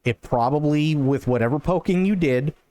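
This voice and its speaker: A man doing a calm woman dispatcher. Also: a little high, moderate pace, no echo, lightly acted. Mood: reassuring. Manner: calm, reassuring, stifling laughter.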